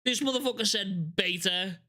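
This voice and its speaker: A young man reacting to a video with loud, profane, excitable banter. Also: sits high, normal speed. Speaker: YouTube reaction host.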